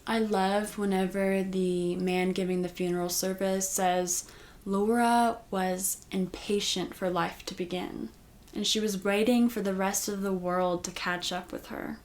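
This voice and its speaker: A woman giving a casual, chatty recap of a TV episode, with lots of "like" and "you know". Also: medium pitch. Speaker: recap host.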